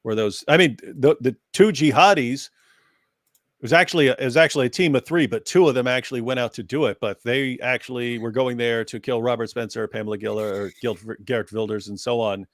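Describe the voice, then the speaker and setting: A man's voice: mid-range voice, fairly quick, no room sound, clean studio sound. A man co-hosting a casual livestream, talking in rambling stretches and often breaking into laughter. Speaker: livestream co-host. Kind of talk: casual live chat.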